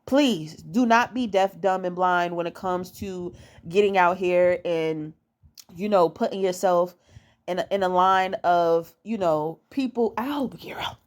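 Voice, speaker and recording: A woman's voice: on the low side, unhurried. A young woman giving dating advice in a casual monologue at home. She is blunt and profane and repeats her points to hammer them home.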